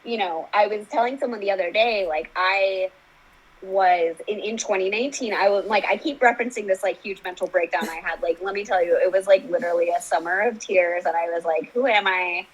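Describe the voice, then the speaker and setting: A woman in her thirties talks as a guest in a relaxed interview. Her voice is husky and slightly breathy at an ordinary pitch. She tells candid personal stories, peppering them with filler words. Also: brisk, poor audio. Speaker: interview guest, fitness instructor. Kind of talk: casual conversational interview.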